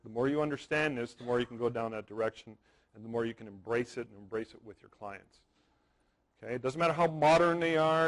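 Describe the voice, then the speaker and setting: A man in his forties giving a live seminar, talking straight to the room. He tells stories, repeats words for emphasis and keeps checking in with his listeners. His voice sits at an everyday middle pitch. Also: poor audio. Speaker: wedding photography seminar presenter. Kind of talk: live seminar talk to an audience.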